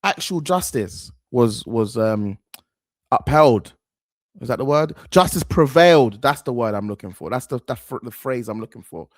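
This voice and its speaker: Rambling, slangy football fan. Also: male voice, medium pitch, animated, moderate pace, dry recording, studio quality. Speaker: football fan reaction host. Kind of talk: casual reaction commentary.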